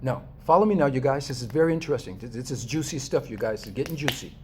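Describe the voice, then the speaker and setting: An American man from Los Angeles speaking in a casual, animated monologue to his viewers, emphatic and chuckling often. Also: mid-range voice, fast talker, slight background noise. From Los Angeles, USA. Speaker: vlogger.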